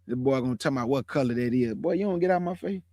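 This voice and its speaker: A man's voice: mid-range voice, expressive, fast, mellow, no echo. Brief: emphatic man, 40s, slangy streamer testimony, dry close sound. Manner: preachy, emphatic, repeats phrases, slangy street talk. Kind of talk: casual testimony to an online audience.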